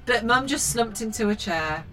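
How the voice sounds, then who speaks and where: Sweary animated woman. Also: fairly high pitch, normal speed. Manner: animated and sweary, mock-outraged. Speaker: podcast co-host. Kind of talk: casual chat, reading a picture book aloud with comments.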